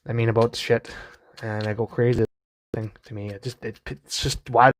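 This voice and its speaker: A man's voice: mid-range voice, flat delivery, normal speed. A young man on a casual livestream, telling a rambling, profane story about being wrongly blamed, speaking into a phone at home. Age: young adult. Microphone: phone livestream mic.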